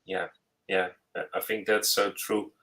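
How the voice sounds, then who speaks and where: A man's voice: sits low, flat delivery, unhurried, pushed and bright, poor audio. A man hosting a podcast as a futurist, talking in a thoughtful, searching way with frequent restarts. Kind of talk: casual conversational interview.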